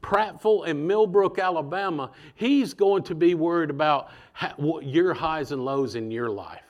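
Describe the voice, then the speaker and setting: Animated man preaching a sermon. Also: fairly high pitch, moderate pace, dull audio. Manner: conversational, animated preaching with acted voices.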